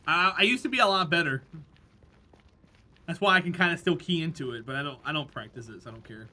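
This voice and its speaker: A man's voice: on the high side, quick pace, pushed and bright. A man streaming a game live, chatting to his viewers in a rambling, easygoing way and laughing easily. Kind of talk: casual live-stream chat while gaming.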